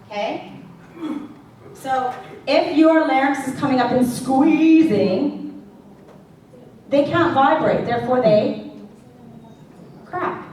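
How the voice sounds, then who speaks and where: A woman vocal coach with a somewhat high voice teaches a singing class, chatty and checking in with her students often. She is picked up from across a very echoey room, with faint ambience behind her. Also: takes it slowly, pauses often, a little mellow, far from the mic, slight background noise. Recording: echoey classroom recorded from afar.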